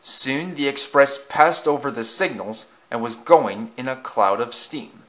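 A man's voice: mid-range voice, animated, unhurried, fairly bright tone. A man narrating a storybook as an amateur reader, with frequent slips and self-corrections.

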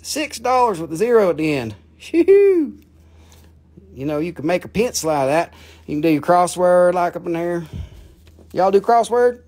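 A man's voice: sits high, creaky, darkish tone. Folksy Appalachian man selling rocks. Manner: rambling, joking, folksy with hoots. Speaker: host of a live mineral sale. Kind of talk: casual live-stream sales patter.

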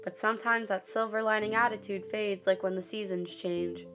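A teenage girl delivering a spoken-word monologue as a student narrator, in an earnest, deliberate voice heavy with grief. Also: mid-range voice, fairly even intonation, music in the background. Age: late teens.

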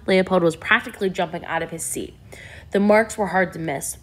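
Woman narrator, lower register, calm scripted audiobook reading. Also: a little fast.

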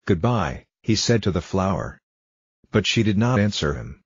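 Low husky man reading a storybook. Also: sing-song, normal speed, no room sound. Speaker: storybook reader. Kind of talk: reading a storybook aloud for English learners. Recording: dull lo-fi dry recording.

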